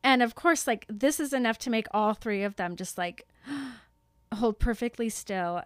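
A woman's voice: on the high side, measured pace, smooth, no room sound. A young woman co-hosting a podcast, recapping a book chapter in casual chat with lots of giggles and "like". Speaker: podcast co-host.

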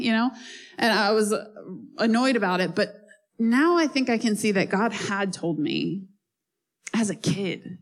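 A woman preaching a sermon in a conversational, animated way, with asides to the listeners. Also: medium pitch, measured pace, long pauses, rough recording.

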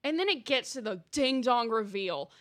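Young woman podcast co-host, bright and dry, gushing casual chatter. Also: on the high side, animated, normal speed, dry recording. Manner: enthusiastic, gushing, lots of fillers. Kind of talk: casual chat.

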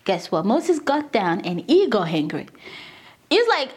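A woman teaching scripture in a casual, chatty way, with a high voice that swoops widely up and down. She keeps addressing her listeners as "guys" and acts out Bible scenes as she goes. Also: big pitch swings, unhurried, darkish tone, breathy edge. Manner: dramatizes scripture with acted quotes.

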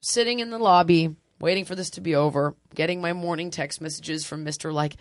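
A woman's voice: sits low, brisk, dry recording, studio quality. A woman in her forties, a podcast host, telling a crude, funny family story in casual chat, laughing often. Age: 40s. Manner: animated, laughing, crude humor.

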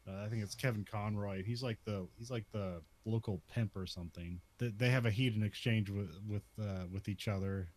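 A man's voice: on the low side, steady tone, normal speed, few pauses, a little mellow. A man casually recapping a western movie scene by scene, laughing often and filling his talk with "like". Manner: laughs often, many "like" fillers.

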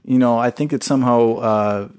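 A man's voice: mid-range voice, fairly even intonation, moderate pace, a little mellow, smooth. Dry, wry man in casual chat. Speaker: podcast host.

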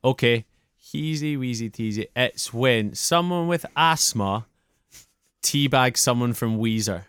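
A comedian guesting on a podcast, deadpan and drawn-out in his guesses. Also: mid-range voice, clean tone, no room sound, studio quality. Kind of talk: casual comedy podcast chat.

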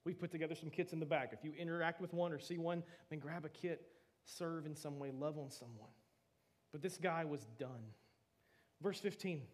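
A man's voice: a little high, moderate pace. A young adult man, a pastor, preaching a sermon in an earnest, emphatic way and often saying "man" to his church.

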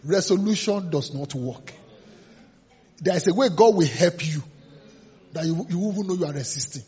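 A man's voice: on the high side, expressive, normal speed, warm tone, breathy edge. A man preaching a sermon as pastor, emphatic and repetitive, sometimes laughing and acting out voices. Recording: dull lo-fi sermon recording.

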